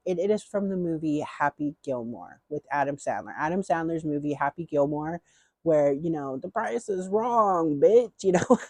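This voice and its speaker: A woman's voice: low voice, mellow, no echo. A middle-aged woman chatting casually through a beauty haul, rambling and repeating herself with enthusiasm.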